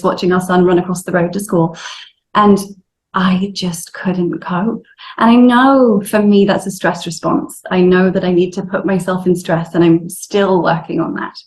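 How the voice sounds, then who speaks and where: Animated woman telling a story. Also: medium pitch, low-quality recording. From Wales. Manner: animated storyteller acting out quotes. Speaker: guest. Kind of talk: casual interview.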